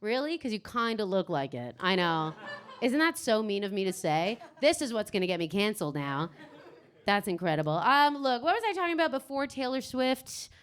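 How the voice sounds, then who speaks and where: A woman's voice: medium pitch, big pitch swings, moderate pace, a bit bright, smooth. Brash Canadian woman doing crowd work. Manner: teasing, brash, swears freely. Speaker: stand-up comedian. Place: comedy club basement.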